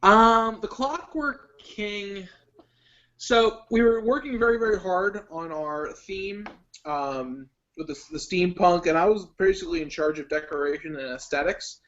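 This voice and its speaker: A young man, a guest on an online chat show, telling a story in a casual, animated way. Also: sits high, measured pace. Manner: animated storyteller, breaks into laughs. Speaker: guest contestant. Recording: dull lo-fi web stream audio.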